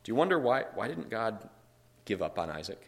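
A man's voice: on the low side, big pitch swings, brisk, fairly bright tone. A man leading a Bible study in a conversational teaching style, reading scripture aloud and explaining it with emphatic asides.

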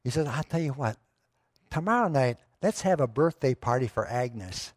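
Man, pastor, sermon, conversational storyteller, mid pitch, dry. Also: animated, normal speed, no echo. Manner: conversational, rising to emphatic.

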